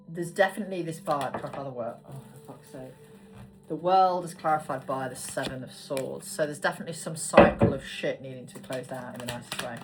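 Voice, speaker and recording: A woman giving a casual tarot card reading, chatty and swearing casually as she talks. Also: very deep voice. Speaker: tarot reader. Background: background music.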